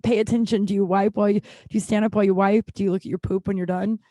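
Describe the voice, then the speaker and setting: A woman's voice: mid-range voice, little pitch movement, racing, few pauses, dark tone, dry recording. A woman in her forties hosting her own podcast, chatting in a rambling, candid way and swearing casually. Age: 40s. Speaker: podcast host. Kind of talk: casual solo podcast chat. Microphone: studio podcast microphone.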